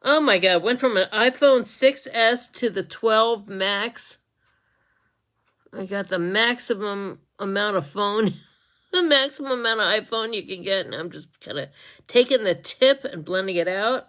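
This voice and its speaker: A woman vlogging a casual makeup tutorial on her phone. She talks in a chatty, giggly way, trails off and restarts often, and drops to soft mutters while she works. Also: medium pitch, measured pace. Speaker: beauty vlogger and makeup sales representative. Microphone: phone camera.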